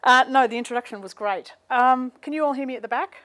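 A woman's voice: sits high, fast, fairly bright tone. Middle-aged woman lecturing with wry humor. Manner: humorous anecdotal storytelling. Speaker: guest lecturer. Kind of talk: university seminar lecture. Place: lecture room with an audience. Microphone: microphone.

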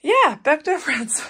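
A woman's voice: sits high, fairly bright tone. A young woman, chatting earnestly in a casual home vlog, full of fillers and restarts. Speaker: vlogger.

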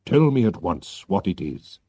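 A man's voice: low voice, very animated, measured pace, warm tone, no echo, full character voice. A man playing an emotional, exclaiming king. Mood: relieved. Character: emotional middle-aged male king. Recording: dull lo-fi recording.

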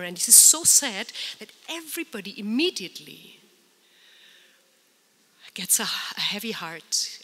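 A soprano singer in an informal talk, leading the audience in singing and swooping her voice high and low as she demonstrates. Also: pushed and bright. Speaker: soprano singer speaking at a symposium. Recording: long reverb of a large hall.

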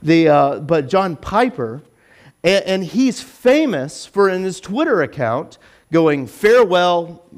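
Man, pastor, casual church sermon, high voice, chatty, animated, self-deprecating asides. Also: takes it slowly.

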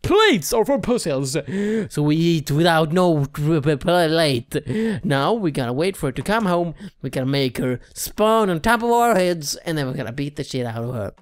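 Excitable woman shrieking through gameplay. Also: deep voice, normal speed. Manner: excitable, shrieks and swears often. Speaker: let's play gamer. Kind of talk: gameplay commentary.

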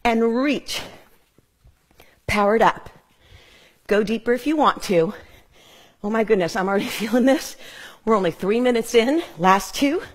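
A middle-aged woman teaches a home workout on a clip-on mic, counting reps and calling out cues. She keeps her tone upbeat even while breathing hard from the exercise. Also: a little high, measured pace, long pauses. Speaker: fitness instructor. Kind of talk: live workout instruction.

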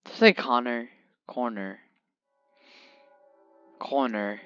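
A gamer with a medium-pitched, expressive voice rambles casually and unhurriedly while he plays, cracking jokes and chatting to his in-game pet. Faint music sits behind him, and his mic sounds dull and lo-fi.

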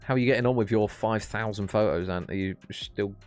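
Hosting a live esports stream, a man casts casually with laid-back, jokey banter over soft background music. His voice is lowish, a little mellow, and slightly fast.

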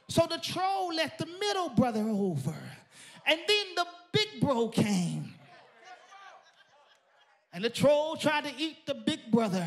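A male pastor a sermon, telling a story and building to shouted praise. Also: very high-pitched, big pitch swings, measured pace.

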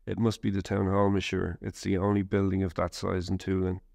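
A man's voice: low-pitched, monotone, a little fast, creaky, darkish tone, dry recording, studio quality. A man reading as a fleeing peasant refugee. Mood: grim.

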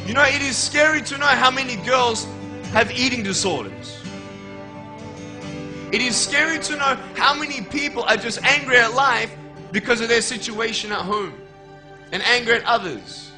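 A man's voice: very high voice, moderate pace, poor audio. A young man giving a motivational speech, earnest and emphatic, asking his listeners rhetorical questions. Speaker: motivational speaker. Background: background music.

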